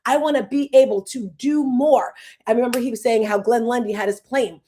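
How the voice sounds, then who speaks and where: A slight background noise sits behind a woman in her fifties hosting an informal chat in a fairly high, mellow voice. She rambles with strong emotion, races through tangents, and occasionally gets tearful.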